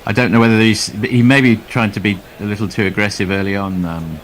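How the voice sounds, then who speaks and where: A man from Australia, commentating on cricket in a dry, wry, measured way. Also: lowish voice, fairly even intonation, a little hiss or hum. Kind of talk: laid-back cricket commentary.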